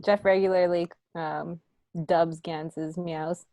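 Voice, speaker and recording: A chatty woman in a casual book club, often laughing between remarks. Her voice sits lower, and it is recorded dry and close. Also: steady tone, slow, dark tone, no room sound. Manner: giggly, chatty. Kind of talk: casual group chat.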